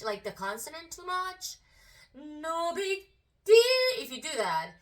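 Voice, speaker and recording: A female vocal coach giving a singing lesson, explaining slowly in casual speech and breaking into sung phrases to demonstrate. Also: a little high, pushed and bright, distant mic. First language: Korean.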